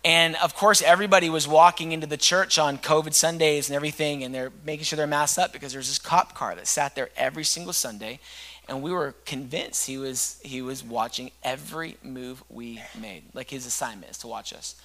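Bright-voiced man preaching a sermon. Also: fairly high pitch, fairly quick. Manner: earnest storytelling preacher. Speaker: pastor.

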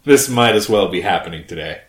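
A man's voice: lowish voice, lively intonation, a little fast, echoey room. A man narrating as game master in a tabletop game, playful and often laughing.

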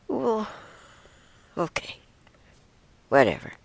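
A low-voiced woman, chatting casually on her own show. Her pitch swings widely as she rambles, giggles and slips into soft whispers, and her tone is bright and a little sharp. The sound is dry and close. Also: big pitch swings, slow, gravelly, long pauses, no echo. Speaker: podcast host. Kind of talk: casual solo talk.

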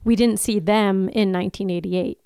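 A woman's voice: mid-range voice, fairly even intonation, moderate pace, creaky, dark tone, smooth, no echo, clean studio sound. A woman co-hosting a podcast in casual chat, wry and teasing, questioning how the plot fits together. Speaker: podcast co-host.

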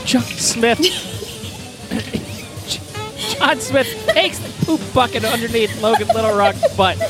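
His pitch is extremely high and his intonation lively, yet he speaks slowly. He's a comedy podcast co-host telling a crude, rambling story with heavy swearing and exasperation, while loud free jazz plays in the background.

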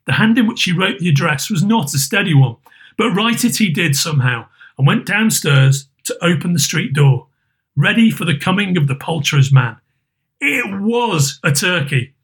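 A man narrating a classic story aloud, expressive with varied pacing. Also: sits high, normal speed. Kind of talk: dramatic storybook reading.

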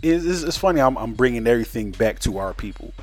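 A man's voice: mid-range voice, animated, quick pace, a little mellow. A man in casual chat who speaks reflectively and repeats words as he starts a thought.

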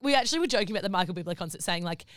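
A young woman talks quickly and easily in a casual podcast chat, her words tumbling out with plenty of "like". Her voice sits in a middle register. She is close to the mic in a dry, deadened room. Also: lowish voice, expressive, a bit bright, dry recording. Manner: chatty and fast-talking, full of "like". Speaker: podcast co-host.

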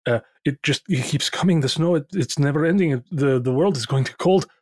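A man voicing a frightened, traumatized old male dwarf who talks haltingly, with many repeats. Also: fairly high pitch, a little mellow, voice pushed up, natural voice. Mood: delirious. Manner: halting, stammering, full of repeats.

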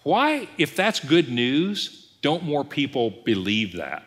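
A man's voice: a little high, slow. A man preaching a sermon as pastor, acting out imagined dialogues as he teaches. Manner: animated, acts out imagined voices and dialogues. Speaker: executive pastor. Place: church sanctuary. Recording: long hall reverb.

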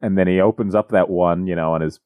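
A man's voice: steady tone, quick pace, darkish tone, no echo. A man co-hosting a podcast in casual chat, sardonic and swearing freely as he jokes. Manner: sardonic, swears freely, jumps into high mock voices. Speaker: podcast co-host.

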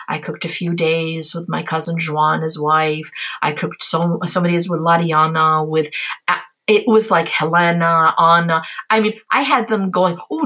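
A woman from the Azores, a cookbook author, talking as an interview guest in a casual, animated and heartfelt way. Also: lowish voice. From Azores, Portugal. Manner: animated, heartfelt, acts out voices in her anecdotes.

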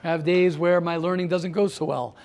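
High-voiced man teaching, full of rhetorical questions. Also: steady tone, brisk, a little mellow. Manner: rhetorical questions, repeats himself, grows heated. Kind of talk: classroom talk with students.

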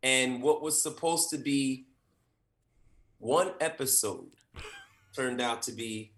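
A man, an actor, telling an animated story about an audition and acting out the people in it. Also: mid-range voice, takes it slowly, roomy sound. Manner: animated, acts out quotes with big voice swings.

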